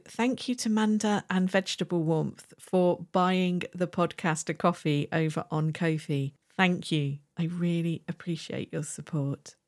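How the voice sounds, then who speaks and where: A woman hosting a local history podcast, reading a scripted outro in a clear, friendly, measured way. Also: lowish voice. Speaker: podcast host. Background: faint music.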